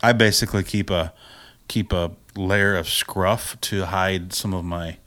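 A man co-hosting a podcast in relaxed chat, laughing easily. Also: low-pitched, measured pace. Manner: laid-back and chatty, laughs easily. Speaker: podcast co-host. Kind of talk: casual chat.

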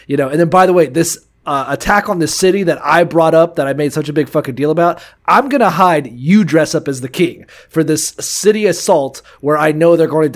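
Guy with a higher voice goofing around on a podcast, swears, acts out silly quotes. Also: vocal fry. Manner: joking, profane, riffs with mock quotes. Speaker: podcast co-host. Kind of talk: casual comedic discussion.

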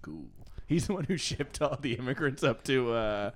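A man's voice: mid-range voice, lively intonation, normal speed, crowd noise. A man co-hosting a podcast, trading jokes and teasing banter in casual chat. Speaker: podcast co-host.

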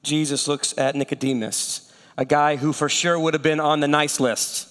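Pastor preaching, chatty and animated, highish voice, long church echo. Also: male voice, moderate pace. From United States. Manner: conversational, animated storytelling. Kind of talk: sermon.

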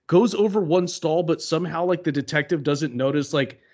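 A man's voice: a little high, brisk, a little mellow. A man co-hosting a podcast, laid-back, laughing along and swearing casually as he talks about a film. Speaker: podcast co-host. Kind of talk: casual film-review chat.

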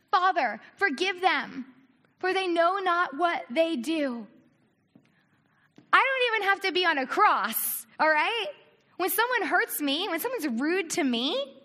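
A woman from the United States preaching a sermon, animated, asking rhetorical questions and acting out quoted voices. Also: sits high. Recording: long reverb of a large hall.

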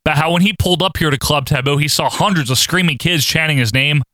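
A man's voice: on the high side, quick pace, bright, forceful tone, no room sound. A man co-hosting a podcast, recapping an old wrestling show move by move with sarcastic asides and frequent laughter. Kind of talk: casual chat.

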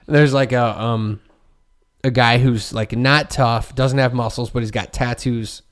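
A man's voice: medium pitch, steady tone, measured pace. A man co-hosting a podcast in a casual chat, talking in a rambling way and acting out imagined people. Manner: rambling, full of "like" and "dude", quotes imagined people. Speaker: podcast co-host.

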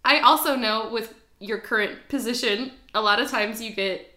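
A woman's voice: on the high side, moderate pace, sharp tone, roomy sound. A woman co-hosting a podcast in casual chat, teasing and laughing often. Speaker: podcast co-host.

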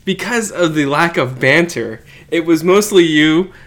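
A man's voice: on the high side, animated, unhurried, a bit bright. A man co-hosting a casual sports podcast from his home, teasing his partner and laughing often into a shared microphone. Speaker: podcast co-host. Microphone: shared studio microphone.

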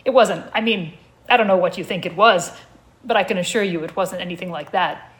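A woman's voice: fairly low pitch, close to an everyday voice. Hobbes, a woman doing a flustered talking tiger. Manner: flustered, rambling, quick denials. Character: anxious, defensive male tiger, imaginary friend. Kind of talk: comic story reading at a live show.

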